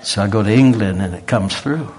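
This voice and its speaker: A man's voice: lowish voice, fairly quick, darkish tone, a little hiss or hum. A male preacher delivering a folksy sermon, telling stories in a conversational way and pressing his points home. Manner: folksy, conversational, rising to emphatic. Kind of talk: sermon with storytelling.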